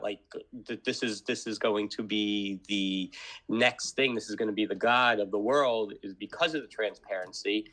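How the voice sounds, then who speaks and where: A man's voice: lowish voice, a bit bright. A man calling in as a guest on a podcast, talking casually with frequent restarts and questions.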